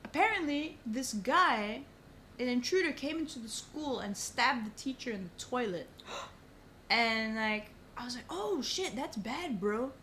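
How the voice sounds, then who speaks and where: A young woman, a podcast guest, telling a story in casual chat, animated and swearing often. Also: a little high, measured pace, a little hiss or hum. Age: young adult. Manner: animated, swears a lot, says "bro" often.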